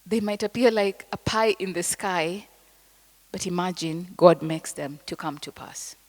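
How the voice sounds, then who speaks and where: A woman with a Kenyan accent giving an inspirational speech, emphatic and slow in phrasing, sometimes dropping to a soft whisper. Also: fairly low pitch, steady tone. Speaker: motivational speaker. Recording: reverberant hall.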